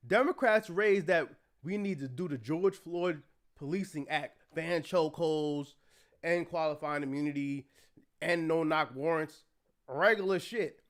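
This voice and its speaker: A young man streaming heated political commentary, indignant and profane, ranting and at times shouting in anger. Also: high-pitched. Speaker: streamer reacting to an article.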